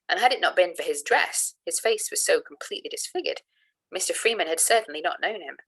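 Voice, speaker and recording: A woman reading an old gothic novel aloud, careful and steady, with small slips she corrects as she goes. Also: deep voice. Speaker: reader of a novel.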